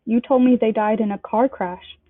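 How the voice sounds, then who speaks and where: A woman's voice: a little high, fairly even intonation, normal speed, no room sound, lightly acted. Harry Potter, a woman voicing a bewildered young boy. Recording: dry, tinny phone-like sound.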